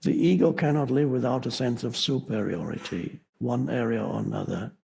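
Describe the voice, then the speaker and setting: A man giving a spiritual teaching talk, speaking slowly with pauses and halting restarts. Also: mid-range voice, vocal fry, warm tone, slight background noise, poor audio.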